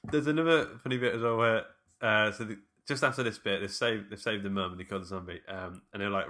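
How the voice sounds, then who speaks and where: Low-voiced man with a bright tone. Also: fairly even intonation, fast talker, hardly any pauses. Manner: leads the talk, narrates scenes step by step with fillers. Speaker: podcast host. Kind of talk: casual film recap chat.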